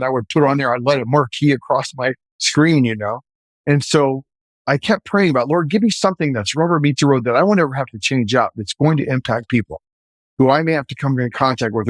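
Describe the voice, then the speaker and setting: A man's voice: medium pitch, no echo. Earnest man telling a story, dry sound. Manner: earnest, animated, shouts in quoted lines. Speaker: former navy chief and police officer, guest. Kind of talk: casual storytelling.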